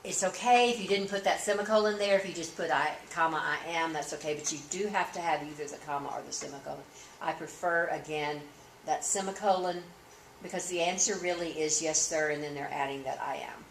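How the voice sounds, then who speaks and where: A lower-voiced woman reads practice testimony aloud, saying each comma and period, and stops to explain formatting choices. She is recorded in an echoey room with a faint hum behind her. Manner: measured dictation, then explaining points. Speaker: court reporting instructor. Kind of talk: dictation lesson with punctuation spoken aloud.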